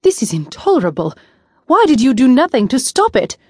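A woman voicing an indignant young nobleman who presses his cousin in a forceful, urgent voice. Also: mid-range voice, expressive, moderate pace, no echo, clean studio sound, lightly acted.

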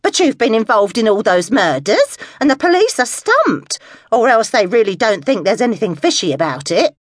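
A woman's voice: a little high, big pitch swings, normal speed, dry recording, pitched above the performer's own voice. A woman voicing a querulous, pushy older woman on the phone, whiny and impatient, for an audiobook. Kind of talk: audiobook dialogue.

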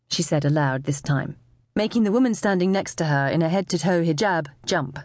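A woman narrating a novel as an audiobook, with expressive storytelling. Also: fairly low pitch, brisk, no echo, studio quality. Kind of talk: scripted narration.

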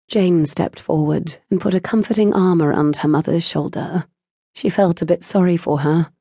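A woman narrating an audiobook with wry, measured storytelling. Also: sits low, creaky, mellow, breathy edge, dry recording, studio quality. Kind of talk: scripted narration of a historical romance.

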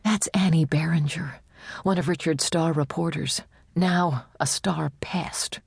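A woman voicing a composed, grieving wife who speaks quietly and politely. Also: fairly low pitch, expressive, normal speed, gravelly, husky, dry recording, clean studio sound, heavily acted.

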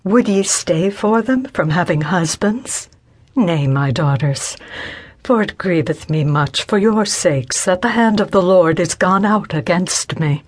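A woman reading an older widow worn down by grief. She pleads softly and sorrowfully in a slow, breathy storybook voice. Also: lowish voice, expressive. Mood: pleading. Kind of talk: scripted audiobook narration.

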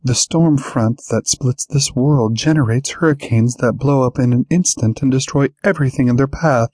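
A man's voice: medium pitch, normal speed, a little mellow, husky, dry recording, pitched above the performer's own voice, lightly acted. A man voicing a blunt young woman steering a raft in an audiobook, clipped and commanding. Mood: firm.

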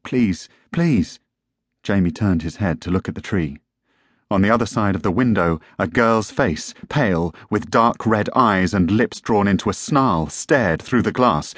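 A man's voice: low voice, no room sound, clean studio sound. A man narrating a tense story as an audiobook reader. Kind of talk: scripted narration.

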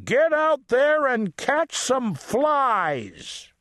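A man's voice: very high voice, sing-song, extremely slow, fairly bright tone, no echo, clean studio sound, voice pushed up, exaggerated voice. A man voicing a bossy t-ball coach in a children's audiobook, barking orders. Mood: commanding. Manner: barking, commanding. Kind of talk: audiobook character voice.

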